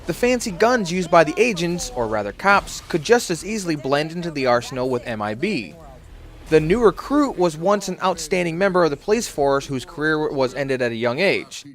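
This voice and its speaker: A man's voice: a little high, big pitch swings, normal speed. Wry man narrating a film review. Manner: wry and sarcastic.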